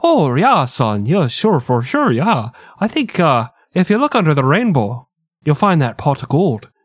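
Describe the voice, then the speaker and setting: A hotline psychic with a bungled, drawn-out put-on accent and a raised, higher voice, as a man puts him on. The sound is dry and close. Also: big pitch swings, no echo. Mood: cheery. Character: fake phone psychic man faking Jamaican voice.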